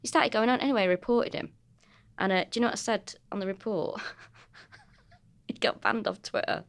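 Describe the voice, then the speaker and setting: A comedian woman with a Manchester accent, co-hosting a podcast and telling lively, sweary stories in casual chat. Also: medium pitch, moderate pace. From North of England. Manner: sweary, animated storytelling.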